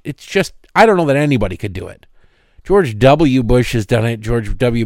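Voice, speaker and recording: Fairly low-pitched with a darkish tone, this middle-aged radio talk show host is recorded dry in a clean studio. His political show features an opinionated monologue peppered with sarcastic remarks and side tangents.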